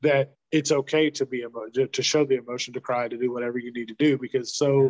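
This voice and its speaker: Relaxed, folksy middle-aged man. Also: medium pitch, fast talker, lo-fi sound. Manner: relaxed, folksy, uses homespun sayings. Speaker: podcast co-host. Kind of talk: casual chat.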